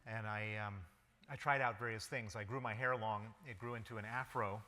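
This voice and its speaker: A man's voice: fairly low pitch, steady tone, fairly quick, pushed and bright. A man in his fifties with an American accent, telling his story in a public lecture with a wry tone and many ums. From United States. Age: 50s. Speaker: guest lecturer. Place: lecture hall. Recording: reverberant lecture hall.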